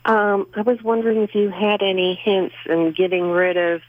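A woman calling in to a garden radio show, speaking in a hesitant, halting way with many fillers. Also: medium pitch, level tone, no echo. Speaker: radio caller. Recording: tinny phone line.

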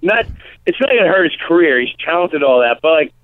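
A comedian in a casual radio interview, telling animated stories and acting out quotes. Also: male voice, on the high side, brisk, dry recording. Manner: animated storytelling, acts out quotes. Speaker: comedian guest. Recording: tinny phone-line sound.

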